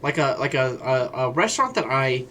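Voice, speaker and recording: A man co-hosting a podcast, swearing a lot and telling animated stories in casual chat. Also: mid-range voice, a little fast, a little hiss or hum. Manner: profane, animated storytelling. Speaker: podcast co-host.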